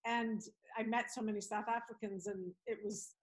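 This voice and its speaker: A woman's voice: a little high, steady tone, normal speed, poor audio. A woman from New York with an American accent, a podcast guest chatting over a video call in an effusive, heartfelt way. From New York City. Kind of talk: casual video-call chat.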